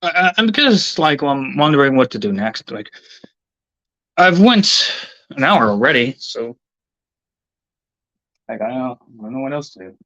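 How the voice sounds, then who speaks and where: A male livestreamer rambles profanely in an irritable mutter, his medium-pitched voice sing-song, pushed and bright, unhurried and full of pauses. The sound is dull and lo-fi, completely dry with no room.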